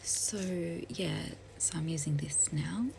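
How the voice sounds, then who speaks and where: A woman telling a story while doing her makeup, soft-spoken and hesitant, with many fillers and restarts. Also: low voice, slow, vocal fry, a little hiss or hum, low-quality recording. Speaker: beauty vlogger. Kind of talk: get-ready-with-me storytelling.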